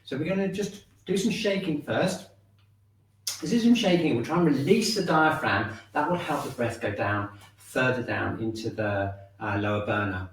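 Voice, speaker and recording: A man teaching a shiatsu and qigong class, giving calm, encouraging step-by-step instructions. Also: medium pitch, normal speed, distant mic. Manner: calm, encouraging instructions, often checking in with "okay". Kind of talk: guiding an online movement class. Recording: very echoey room, voice off-mic.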